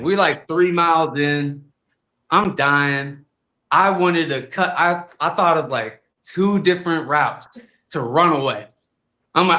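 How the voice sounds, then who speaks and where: A man, a fighter and guest, telling comic stories in a lively way and acting out voices. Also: a little high, slow pace, roomy sound. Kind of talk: animated storytelling on a podcast.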